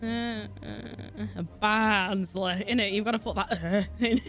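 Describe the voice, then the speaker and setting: A woman's voice: medium pitch, steady tone, unhurried, soft background music. A woman streaming a detective game, chatting casually with her viewers, giggling often, swearing freely and rambling from thought to thought. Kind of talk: casual gameplay commentary with chat.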